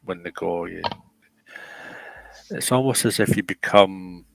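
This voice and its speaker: A middle-aged man talks in a loose, rambling way, restarting his sentences often. His voice is low and gravelly. The sound is dry and close. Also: no room sound, rough recording. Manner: rambling, halting, many restarts. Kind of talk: casual chat.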